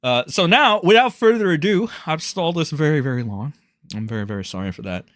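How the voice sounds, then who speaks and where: A man's voice: fairly high pitch, animated, fairly quick, a bit bright, dry recording, clean studio sound. A man doing profane live-stream commentary, mocking and crude, swearing and laughing often.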